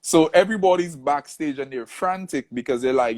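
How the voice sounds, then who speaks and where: Animated male storyteller. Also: fairly high pitch, a little fast. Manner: animated storyteller, acts out quoted voices. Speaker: soca artist, interview guest. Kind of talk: casual storytelling interview.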